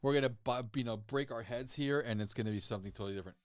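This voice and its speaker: A man chats casually as a podcast guest, relaxed and profane, often breaking into laughter. His voice sits in a middle register, with a few false starts. It is recorded close and dry. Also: medium pitch, very fast, dry recording. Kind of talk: casual chat. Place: podcast set.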